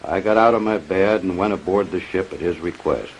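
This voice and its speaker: An older man in an old archival interview, slowly and plainly recounting an encounter. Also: low voice, breathy edge, poor audio.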